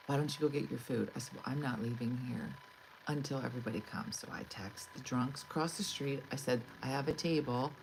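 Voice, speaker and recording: Middle-aged woman comedian, low voice, animated exasperated storytelling, light background hiss. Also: poor audio. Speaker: comedian host. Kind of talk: storytelling monologue.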